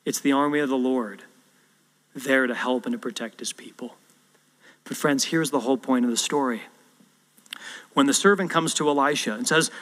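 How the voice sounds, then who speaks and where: A man's voice: medium pitch, normal speed, long pauses, fairly bright tone. A male pastor preaching a sermon and telling a story, acting out the quotes as he goes. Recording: long hall reverb.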